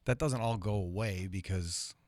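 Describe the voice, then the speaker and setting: A man with a lowish voice talks casually on a podcast, feeling his way through a question with several restarts. The recording is close and dry. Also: moderate pace, a little mellow, no echo. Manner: thinks aloud, restarting questions. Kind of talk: casual conversation.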